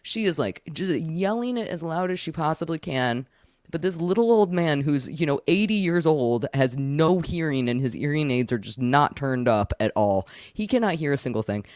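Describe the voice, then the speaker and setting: A woman with a low voice tells a story on a casual podcast. Her pitch swings a lot as she talks, and she swears freely. The sound is close and dry. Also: animated, normal speed, darkish tone, dry recording. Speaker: podcast guest. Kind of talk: casual chat.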